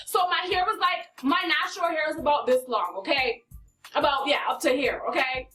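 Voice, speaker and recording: A woman's voice: sits high, moderate pace, pushed and bright, far from the mic, faint music behind, poor audio. A woman telling a dramatic personal story for her vlog. She swears freely, asks rhetorical questions and acts out what people said. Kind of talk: storytime vlog, animated retelling.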